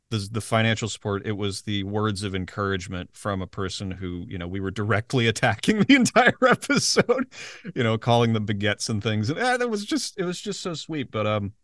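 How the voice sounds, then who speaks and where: A man's voice: fairly low pitch, a bit bright, no echo, clean studio sound. A man co-hosting a podcast in casual chat, joking and poking fun at himself. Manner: joking, self-mocking. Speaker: podcast co-host.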